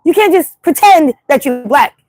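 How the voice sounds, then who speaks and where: Blunt, high-voiced New York woman ranting. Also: normal speed, no echo. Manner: animated, blunt, repetitive storytelling. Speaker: livestream host. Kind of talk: casual livestream monologue. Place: city street at night.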